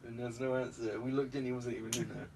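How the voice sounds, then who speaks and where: A young man, chatting casually with a friend and telling stories in an animated way. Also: medium pitch, fast talker, creaky. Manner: animated storyteller, acts out quotes. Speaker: host. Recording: distant mic with faint background noise.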